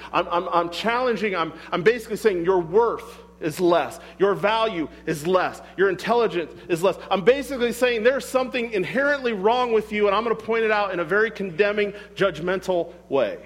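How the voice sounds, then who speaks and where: Male preacher with a high voice, conversational sermon delivery, recorded in a long-reverb hall. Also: a little fast, hardly any pauses. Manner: conversational, emphatic, rhetorical questions. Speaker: pastor.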